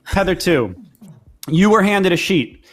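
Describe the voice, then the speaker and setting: A man's voice: sits high, expressive, measured pace, soft background music. A man narrating as game master of a tabletop role-play game, chatty with lots of fillers.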